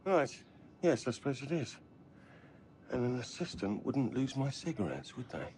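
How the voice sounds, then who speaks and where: An actor playing a proud, touchy documentary director, speaking with a British accent in a precise, pompous way. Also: male voice, mid-range voice, expressive, moderate pace, a little mellow, slight background noise, lightly acted. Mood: prickly.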